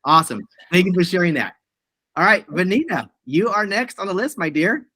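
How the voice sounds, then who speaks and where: A man hosts a team video meeting, upbeat and heaping on praise, saying "awesome" often. His high voice is sing-song, brisk, pushed, and bright, and the recording is dry.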